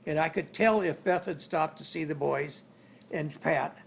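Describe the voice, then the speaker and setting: Gravelly older man telling family stories. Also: fairly high pitch, measured pace, a little hiss or hum. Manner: rambling, chuckling as he tells stories. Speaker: interviewee. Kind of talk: oral history storytelling.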